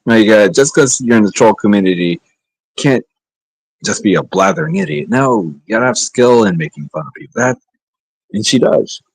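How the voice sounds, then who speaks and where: Gravelly, husky man rambling on stream. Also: lowish voice, big pitch swings, moderate pace, no room sound, low-quality recording. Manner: laid-back, rambling, sighing, joking asides. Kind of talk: rambling casual livestream chat.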